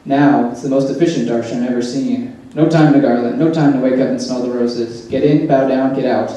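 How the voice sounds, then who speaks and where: A man's voice: medium pitch, fairly even intonation, moderate pace, few pauses, mellow, a little hiss or hum. A man reading a humorous personal essay aloud, with wry, dry asides. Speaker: essay reader. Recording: echoey room, mic far off.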